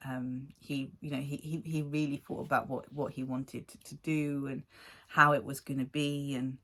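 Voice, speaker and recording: Woman, 40s, low pitch; casual vlogger telling a story, animated and rambling. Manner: rambling, animated, laughs often, acts out quotes.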